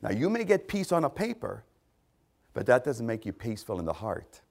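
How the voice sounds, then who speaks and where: A middle-aged man preaching a sermon, repeating key phrases and swinging between loud declarations and hushed asides. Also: medium pitch, sing-song, normal speed, vocal fry.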